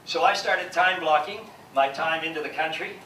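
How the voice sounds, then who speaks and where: An older man with a Canadian accent holds the stage at a business seminar, cracking jokes and spinning stories for the crowd. His voice sits a little high for a man. He is caught from a distance in a roomy, echoing hall with noise underneath. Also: moderate pace, bright, forceful tone. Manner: jokey storyteller playing to the crowd. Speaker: seminar speaker. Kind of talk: humorous motivational talk. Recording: echoey hall from far off with noise.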